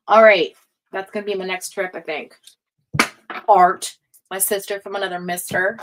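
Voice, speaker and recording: A woman hosting a tarot livestream, chatting casually with viewers in an emotional, rambling way, laughing often. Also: mid-range voice. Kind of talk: casual chat reading live comments.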